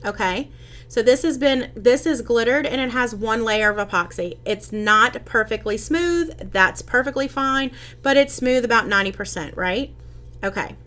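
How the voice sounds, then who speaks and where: A woman's voice: fairly high pitch, normal speed, a bit bright. Chatty woman hosting a craft live stream. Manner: chatty, with frequent ums and restarts. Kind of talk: casual live-stream craft tutorial, answering viewer comments.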